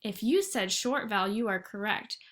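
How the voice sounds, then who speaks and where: A woman's voice: medium pitch, animated, moderate pace, fairly bright tone. A woman teaching a first grade phonics lesson, speaking patiently and encouragingly and stretching out each sound for young children. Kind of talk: recorded online phonics lesson.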